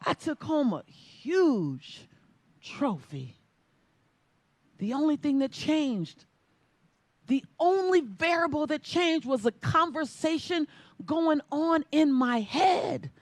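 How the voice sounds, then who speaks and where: High, lively woman preaching motivation. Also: slow, dry recording. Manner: preacher-like, leads the audience in chanting call-and-response. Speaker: motivational speaker. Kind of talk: inspirational stage talk with storytelling.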